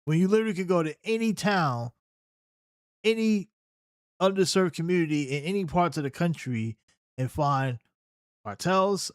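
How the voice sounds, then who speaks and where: Brief: young male commentary host, slightly high voice, fired-up incredulous rant, dry close mic. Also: animated, moderate pace, long pauses, clean tone, no room sound. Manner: heated, incredulous, profane ranting. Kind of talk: unscripted reaction commentary.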